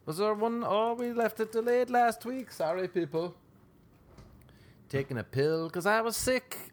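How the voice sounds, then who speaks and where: A man's voice: high-pitched, expressive, unhurried, dry recording. A man hosting a podcast in a rambling, jokey monologue, breaking into made-up jingles. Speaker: podcast host.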